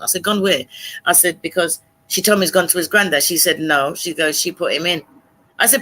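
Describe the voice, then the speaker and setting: A woman's voice: on the low side, fast. A woman telling a story in casual chat on a live stream, acting out the voices of the people she quotes. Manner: animated, acts out quoted voices.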